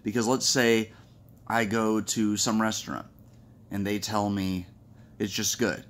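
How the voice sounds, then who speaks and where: A man casually telling jokes to the camera, chatty and rambling, acting out his friends' lines in high voices. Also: fairly even intonation, a little slow. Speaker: comedy vlogger. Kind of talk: casual stand-up joke telling.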